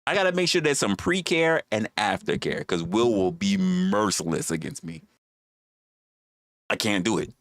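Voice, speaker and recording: A man's voice: lowish voice, big pitch swings, normal speed, a bit bright, dry recording. A man hosting a livestream, talking casually in a rambling, profane way and repeating his phrases. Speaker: livestream host.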